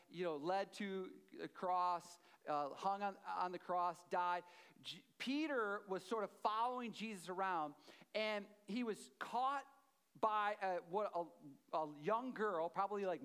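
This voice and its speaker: A man's voice: high voice, fairly bright tone, clear, resonant tone. A man preaching a sermon, telling a story conversationally, checking in with the audience and repeating phrases for emphasis. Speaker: pastor.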